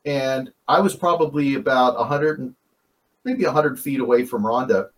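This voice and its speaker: A man's voice: mid-range voice, moderate pace. A man telling stories from paranormal investigations in casual chat, rambling and often correcting himself. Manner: rambling, self-correcting, chuckles. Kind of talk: casual storytelling.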